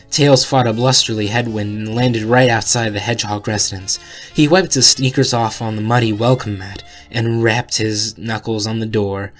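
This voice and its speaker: A man's voice: fairly low pitch, steady tone, normal speed, faint music behind. A man reading a fan story aloud in a casual way, with joking asides.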